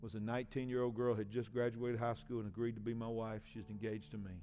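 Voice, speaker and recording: A man in his forties, a pastor, giving an emotional personal testimony in a sermon, swinging from hushed to loud. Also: mid-range voice, level tone, quick pace, lo-fi sound, soft background music. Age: 40s.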